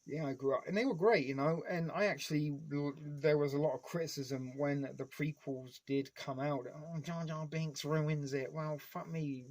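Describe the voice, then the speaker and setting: A man in his forties streaming live, rambling casually with heavy swearing and nostalgic fan enthusiasm. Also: fairly high pitch.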